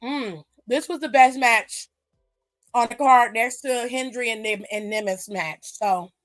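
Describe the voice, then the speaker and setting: A woman's voice: a little high, a little slow, fairly bright tone, soft background music. A woman hosting a wrestling aftershow, recapping matches in a blunt, sassy, casual way full of slang.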